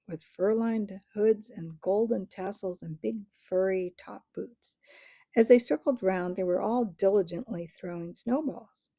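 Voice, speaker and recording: A woman reading a storybook aloud in a gentle, measured way. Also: mid-range voice, dry recording. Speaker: audiobook reader.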